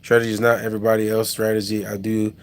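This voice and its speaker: Rambling trucker telling a road story. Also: male voice, on the low side, completely flat delivery, quick pace. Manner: rambling, with many restarts and asides to viewers. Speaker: truck driver and trucking company owner. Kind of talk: casual live-stream story.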